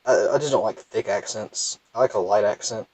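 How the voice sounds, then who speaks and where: A man's voice: fairly low pitch, moderate pace, a little mellow, breathy edge, no echo, low-quality recording. Young man with a thick Southern accent. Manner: rambling, self-deprecating, many restarts. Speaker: gameplay commentator. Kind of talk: casual let's play commentary.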